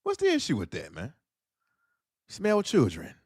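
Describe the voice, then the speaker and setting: A man's voice: a little high, huge pitch swings, a little slow, darkish tone, slightly rough, no room sound, studio quality. A man hosting a casual livestream, riffing in slangy talk and laughing between points. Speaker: livestream host.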